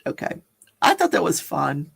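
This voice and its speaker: A woman's voice: low voice, huge pitch swings, moderate pace, gravelly, breathy edge. A chatty, giggly woman hosting a casual livestream, reading out viewer comments and reacting to them. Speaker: livestream host. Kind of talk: casual live-stream chat.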